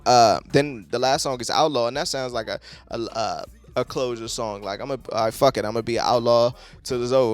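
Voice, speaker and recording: A man giving a casual album review, talking loosely with lots of cursing and filler words. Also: medium pitch. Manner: loose, profane, heavy on "like". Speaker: music reviewer.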